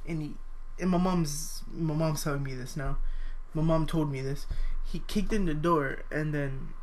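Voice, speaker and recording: A young man telling a personal story in a halting, hesitant way, full of fillers, now and then jumping to a higher voice to quote people. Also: a little hiss or hum. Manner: acts out quoted voices with sudden high pitch.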